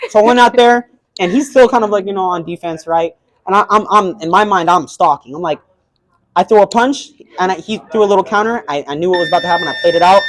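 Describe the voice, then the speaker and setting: A young man, a boxer and interview guest, telling a story in an animated, casual way and acting out what others said. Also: high-pitched, quick pace, low-quality recording.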